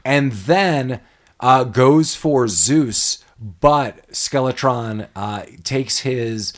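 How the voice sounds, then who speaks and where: A man co-hosting a podcast, casually recapping a film with lots of laughter and animated retelling. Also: mid-range voice, drawn-out words. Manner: laughs often, animated retelling with acted quotes. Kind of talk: casual chat.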